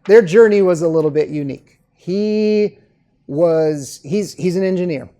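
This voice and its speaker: A dentist being interviewed, telling patient stories in a casual way and often checking in with "okay?". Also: male voice, high-pitched, unhurried, dark tone. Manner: storytelling, keeps adding "okay?". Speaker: dentist guest. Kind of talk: conversational interview.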